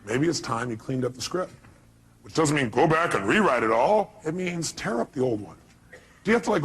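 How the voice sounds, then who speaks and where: Male motivational speaker, raspy, punchy rhetorical questions to the crowd; quick to cast. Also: medium pitch, fairly bright tone, poor audio. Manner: emphatic, fires off rhetorical questions. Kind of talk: motivational speech to a live audience.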